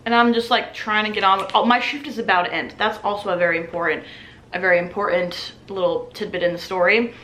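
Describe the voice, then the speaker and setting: Speaking fast in a medium pitch, this young woman, a server in her twenties, animatedly recounts a story and acts out what customers said. The room is echoey, with a little hiss or hum in the background.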